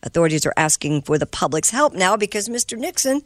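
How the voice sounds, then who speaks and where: A woman reading news stories on a radio show in an even, clear delivery, with light asides to her co-hosts. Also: lowish voice, quick pace, no room sound, clean studio sound.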